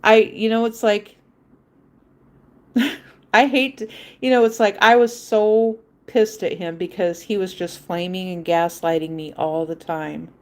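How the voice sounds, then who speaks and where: A woman's voice: mid-range voice, little pitch movement, unhurried. A woman hosting a livestream, telling a personal story in a rambling, emphatic way and repeating her points. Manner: acts out quoted voices. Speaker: livestream host. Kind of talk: casual personal monologue.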